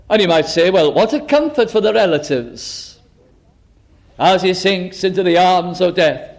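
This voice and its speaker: A man preaching a sermon, possibly, slowing down for emphasis and acting out the boasts of self-righteous people. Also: high-pitched, lively intonation. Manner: dramatic, acts out boastful quoted voices, slow emphatic phrasing.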